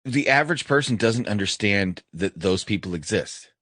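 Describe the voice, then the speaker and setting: A man's voice: fairly low pitch, expressive, normal speed, fairly bright tone, no echo, clean studio sound. A man co-hosting a podcast, talking in a reflective, rambling, casual way. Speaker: podcast co-host.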